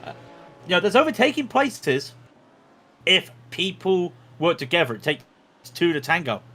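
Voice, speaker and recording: Male sim racing commentator, chatty and joking, higher voice. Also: big pitch swings, normal speed, bright, forceful tone. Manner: chatty, jokey, many restarts. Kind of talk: livestream race commentary.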